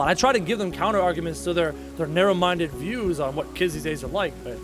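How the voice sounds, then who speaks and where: A man's voice: a little high, fast, music in the background. A man gaming at home and talking to his viewers, ranting in a blunt, opinionated way and repeating his key points for emphasis. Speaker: gaming YouTuber and streamer. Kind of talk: casual rant while playing a game.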